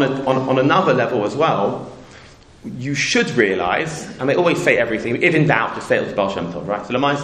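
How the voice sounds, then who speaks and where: A middle-aged man from England tells a story to an audience, rambling and restarting his sentences. He breaks into the voices of the people he quotes. His voice sits at an everyday pitch and carries a roomy echo. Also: a bit bright. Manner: rambling, self-interrupting, acts out quoted voices. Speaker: storyteller speaking to a community audience. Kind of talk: casual anecdotal talk with a moral.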